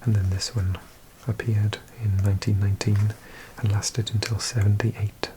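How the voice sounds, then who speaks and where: A man with a Welsh accent, hosting an ASMR video and reading aloud in a slow, hushed mix of whisper and soft speech. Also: lowish voice, level tone, background noise. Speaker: ASMR host.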